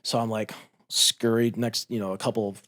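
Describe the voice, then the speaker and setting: A man's voice: fairly low pitch, flat delivery, moderate pace. A man in his thirties, a former Marine, telling a combat story in a candid, profane, intense way on a podcast. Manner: intense, profane, re-enacts shouts. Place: podcast studio.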